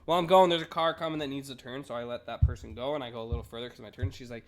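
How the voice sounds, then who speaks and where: A man's voice: medium pitch, very fast, hardly any pauses. A young man from Las Vegas co-hosting a podcast, telling stories casually and acting out what people said. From Las Vegas, USA. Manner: animated storyteller, acts out quotes; casual, heavy filler words. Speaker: podcast co-host. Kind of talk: casual chat.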